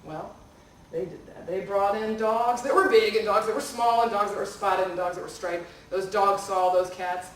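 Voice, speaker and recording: A woman's voice: medium pitch, moderate pace, a little hiss or hum. A woman storyteller in a library, telling a folktale to children and asking them questions. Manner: animated, asks the audience questions. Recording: echoey room from far off.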